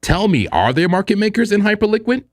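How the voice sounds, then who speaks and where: A man's voice: high voice, fast, no room sound, clean studio sound. A man hosting a crypto trading livestream, chatting casually and animatedly, joking often. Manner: animated and joking, with frequent fillers and laughs. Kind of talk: casual live-stream chat.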